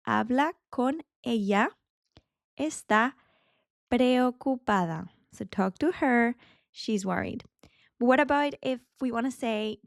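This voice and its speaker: A woman teaching beginner Spanish, saying each phrase slowly and carefully and repeating it as a drill. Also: on the high side, gravelly, no room sound, clean studio sound. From Spain. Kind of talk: beginner language lesson.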